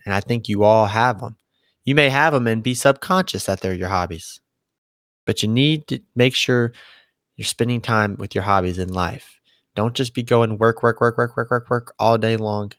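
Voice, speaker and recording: A man's voice: medium pitch, dry recording, clean studio sound. A young man hosting his own solo podcast, talking in a casual, rambling way and often correcting himself mid-sentence. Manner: conversational, rambling, self-correcting. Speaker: podcast host.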